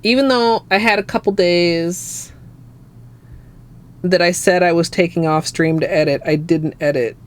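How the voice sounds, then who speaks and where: A woman from Minnesota with a Minnesotan accent, chatting softly and rambling to her livestream chat. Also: lowish voice, steady tone, unhurried. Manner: soft-spoken and rambling, talking to chat. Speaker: nail art streamer.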